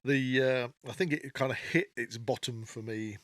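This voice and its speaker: A man's voice: mid-range voice, moderate pace, dry recording, studio quality. A man co-hosting a casual podcast chat, rambling with many restarts and easy laughs. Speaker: podcast co-host.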